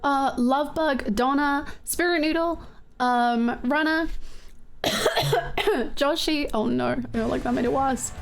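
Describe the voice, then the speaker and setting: A woman's voice: high-pitched, slow, creaky, long pauses. A woman streaming a game, chatting casually and greeting viewers, her voice a bit scratchy, laughing often.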